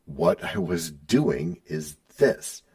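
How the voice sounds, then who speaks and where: A man's voice: a bass voice, very slow, breathy edge, recorded from a distance. A man hosting a podcast, bantering in a playful, teasing way. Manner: playful, teasing, lively delivery. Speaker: podcast host.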